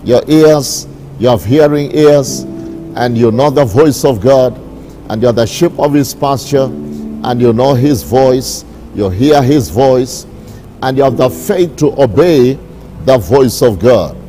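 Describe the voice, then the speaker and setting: A bishop preaching a sermon, repeating his declarations slowly and with emphasis. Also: medium pitch, dark tone, soft background music. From Kenya.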